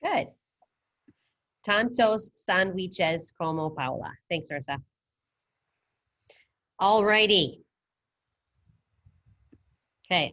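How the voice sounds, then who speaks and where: Quizzing her students in a video-call Spanish lesson, a woman sounds casual and upbeat. She speaks through a computer mic in a lowish, fairly bright voice, with no room sound.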